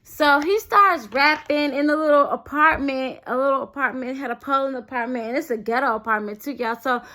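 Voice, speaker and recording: A woman's voice: sits high, fairly quick. A young adult woman telling a personal story in a casual, chatty vlog, often addressing her viewers directly. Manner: chatty, animated, keeps addressing viewers as "y'all".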